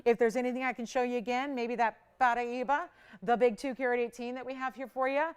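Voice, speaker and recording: Woman, shopping-channel host, slightly high and silky voice, excitable auction patter, a little winded. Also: smooth. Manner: bubbly, fast sales patter with laughs. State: out of breath. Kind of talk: live jewelry auction selling.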